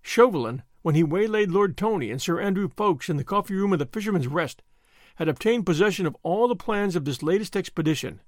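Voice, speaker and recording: Brief: dramatic male storyteller for an audiobook, animated and high-pitched, recorded close. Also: brisk, dry recording. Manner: expressive, dramatic reading. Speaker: audiobook narrator. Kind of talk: scripted narration of a classic novel.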